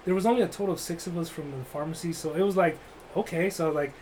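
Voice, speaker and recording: A man's voice: high voice, fairly even intonation, fast talker, darkish tone, slight background noise, low-quality recording. A man telling a rambling, crude, joking story in casual chat, full of "like" and restarts.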